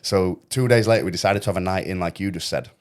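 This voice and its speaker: A man's voice: low voice, quick pace. A young man, hosting a podcast and telling a wild story in casual, swear-laden chat. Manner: swearing, animated storytelling with quoted voices. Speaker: podcast host.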